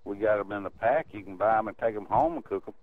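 A gruff, irritated man, answering a store phone and talking bluntly. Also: lowish voice, fast talker. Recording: tinny phone line.

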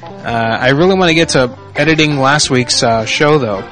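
A man's voice: medium pitch, normal speed, fairly bright tone, faint music behind, rough recording. A man hosting a podcast in casual chat, crude and joking, swearing freely. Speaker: podcast host.

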